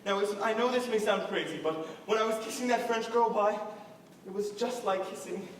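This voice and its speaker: A man's voice: high-pitched, brisk, a little hiss or hum, natural voice. A teenage boy playing a dashing, lovestruck young groom who pleads earnestly in a school stage musical. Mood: pleading. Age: teens. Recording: echoey hall taped from far off, with music.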